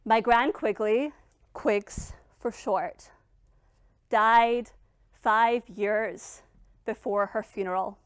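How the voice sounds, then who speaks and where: A middle-aged woman giving a dramatic motivational speech as a founder, emphatic and blunt, with long pauses. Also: on the high side, clean tone, no echo, clean studio sound. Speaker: founder and keynote speaker.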